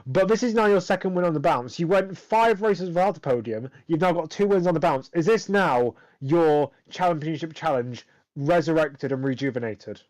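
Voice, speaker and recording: A man's voice: a little high, normal speed, darkish tone, no echo, poor audio. Sarcastic male sim racing commentator. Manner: dry and sarcastic, rambling with fillers. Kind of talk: casual live commentary and interview.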